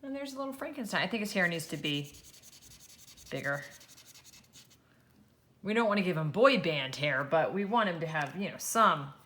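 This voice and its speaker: A woman teaching a children's drawing lesson, gently talking through each step as she draws. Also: fairly low pitch, animated, moderate pace, long pauses, a little hiss or hum. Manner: gentle, encouraging, talks while drawing. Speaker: art teacher.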